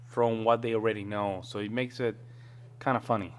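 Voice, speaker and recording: A man's voice: on the low side, steady tone, moderate pace. American guy doing a reaction vid, repeats the words to try them, easygoing. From United States. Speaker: reaction video host. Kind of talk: casual reaction commentary.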